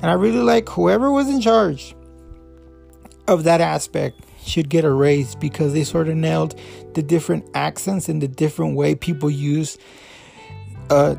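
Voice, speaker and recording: A Spanish-speaking podcast host gives a loose, rambling review full of fillers and restarts. His voice is on the high side yet darkish, with vocal fry, at a moderate pace over soft background music.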